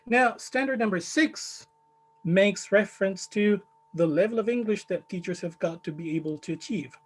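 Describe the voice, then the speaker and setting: A man with a Chilean Spanish accent presenting his study in a conference talk, measured and full of fillers. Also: high voice, low-quality recording. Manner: measured, many fillers, stresses key words.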